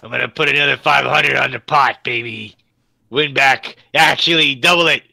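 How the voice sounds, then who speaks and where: A man voicing a brash, scheming male alien merchant, loud and boastful with drawn-out sneering lines. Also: medium pitch, vocal fry, no room sound, full character voice.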